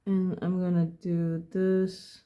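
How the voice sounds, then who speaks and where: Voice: medium pitch, completely flat delivery, takes it slowly, mellow, muffled recording. A painting instructor casually talking through each brushstroke at a desk, thinking aloud and correcting themself as they go. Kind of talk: casual step-by-step painting demo. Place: at a home desk.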